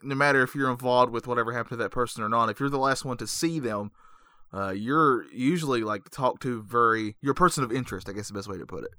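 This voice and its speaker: A man co-hosting a casual podcast, halting and repeating words as he starts. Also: mid-range voice, sharp tone, no room sound, clean studio sound. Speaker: podcast co-host. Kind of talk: casual chat.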